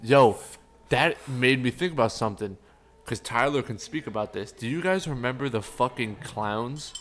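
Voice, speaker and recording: A young man on a podcast, reacting eagerly with quick jokes and interjections. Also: mid-range voice, lively intonation, a bit bright. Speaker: podcast co-host. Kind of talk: casual chat.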